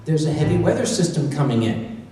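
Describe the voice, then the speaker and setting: A man voicing a weary, patient female airline agent, matter-of-fact and flat. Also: a little high, fairly quick, distant mic, faint music behind. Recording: echoey hall recorded from afar.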